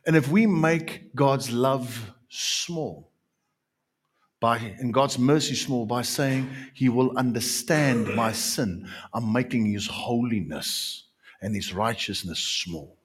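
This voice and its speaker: A male pastor preaching a sermon. His voice is slightly husky and he takes his time, lingering on words and repeating them for emphasis as he moves between hushed and forceful passages. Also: mid-range voice, animated. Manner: emphatic, drawn-out repetitions, swings from quiet to loud.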